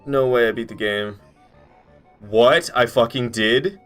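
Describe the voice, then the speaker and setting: Taking it slowly with long pauses, a man with a slightly bright mid-range voice streams a game over soft background music. He chats casually with viewers, curses a lot, and marvels in disbelief at his old run.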